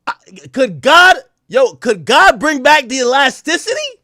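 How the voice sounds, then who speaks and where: A man streaming live, ranting to his chat in a crude, animated way that bursts into shouting. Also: extremely high pitch, unhurried, no echo, studio quality.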